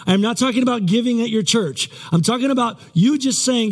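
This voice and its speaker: A man's voice: extremely high pitch, fairly quick. A male pastor preaching a sermon in a conversational, rambling way, with many restarts and self-deprecating asides.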